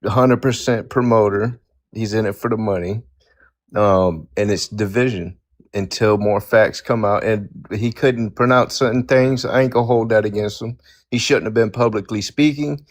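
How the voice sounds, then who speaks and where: A man giving measured, explanatory commentary as a guest in a discussion. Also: fairly low pitch, dry recording, clean studio sound.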